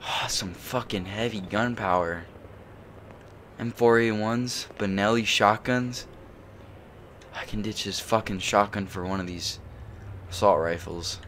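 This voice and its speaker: A man's voice: on the low side, unhurried, pauses often, fairly bright tone. A man giving sweary, frantic running commentary as he plays a game. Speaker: gameplay streamer. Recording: gunfire noise behind voice.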